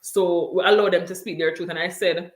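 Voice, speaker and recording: Earnest woman, lower voice, echoey room. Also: steady tone, fairly quick. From came to Canada from abroad. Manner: earnest, emphatic, repeats key points. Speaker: parent sharing experiences on a livestream. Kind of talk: casual chat.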